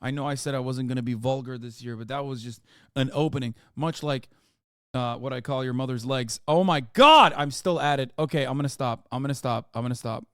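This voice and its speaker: A man's voice: medium pitch, fairly even intonation, a little fast, clean tone, no echo, clean studio sound. Profane, mocking male streamer. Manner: profane, mocking, swings from loud outrage to mumbling asides. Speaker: streamer reacting to posts. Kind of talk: live stream reaction commentary.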